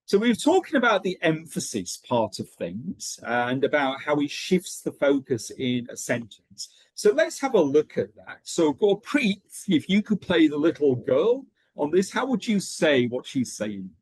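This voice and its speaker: Lively male teacher trainer, husky voice. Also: a little high, a little slow, hardly any pauses, no echo. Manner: lively, checks in with frequent "okay". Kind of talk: online training lesson.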